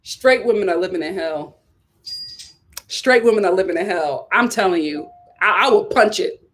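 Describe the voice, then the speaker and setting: A young woman, hosting a live-stream review and ranting in animated, casual commentary, repeating lines for emphasis. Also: normal speed. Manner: animated, repeats lines for emphasis, swings between loud outbursts and low mutters. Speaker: YouTube reality-TV reviewer.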